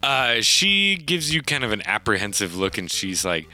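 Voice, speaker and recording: A man's voice: lowish voice, big pitch swings, moderate pace, pushed and bright, faint music behind. A man narrating a tabletop game as game master, loosely, with frequent fillers and laughs.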